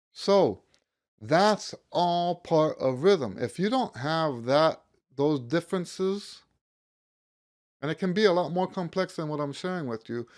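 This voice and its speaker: A man teaching a music lesson, counting beats aloud and stopping to rephrase himself as he explains. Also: fairly high pitch.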